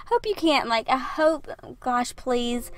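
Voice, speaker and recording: A woman's voice: high voice, expressive, takes it slowly, slight background noise. A young woman, chatting breathlessly in a rambling, laughing voiceover, recorded in her parked car. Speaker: YouTuber narrating a build video. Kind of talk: casual voiceover.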